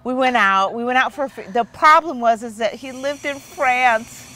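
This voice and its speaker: A woman's voice: fairly high pitch, normal speed. Chatty woman telling a story. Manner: chatty, animated storyteller with many "like"s. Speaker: therapist and host. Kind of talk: casual storytelling chat.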